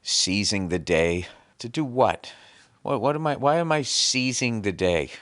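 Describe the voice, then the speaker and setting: A man's voice: fairly low pitch, lively intonation, a little slow, a bit bright, no room sound. A man hosting a podcast, ranting sarcastically with lots of swearing. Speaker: podcast host. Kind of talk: comedic rant.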